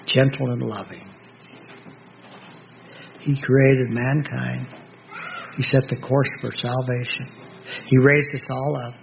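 A man preaching a Bible study sermon, reading scripture aloud slowly and pausing often to restart his thoughts. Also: medium pitch, vocal fry. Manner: slow, halting, with many restarts and fillers; reads scripture aloud in a slow, measured voice. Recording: dull lo-fi recording with faint background noise.

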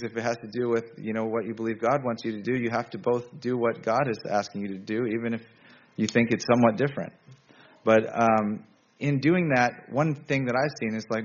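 A man preaching a sermon to a congregation in a relaxed, conversational way, often restarting his sentences. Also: medium pitch, dull audio. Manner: conversational, self-correcting, with frequent restarts.

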